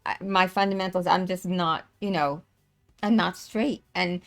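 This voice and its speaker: A low-pitched woman hosts a live stream in loose, casual talk. She rambles, restarts her sentences and fills the gaps with "um" and "you know.". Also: steady tone, unhurried, fairly bright tone, soft background music. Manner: rambling, many fillers and restarts. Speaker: livestream host and tour organizer.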